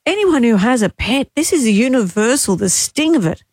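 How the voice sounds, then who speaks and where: A woman's voice: a little high, sing-song, fairly quick, darkish tone, breathy edge, no room sound. A woman, co-hosting a radio show and talking openly and tearfully. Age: 60s. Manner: emotional, tearful and candid. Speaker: radio co-host. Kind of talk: casual breakfast radio chat.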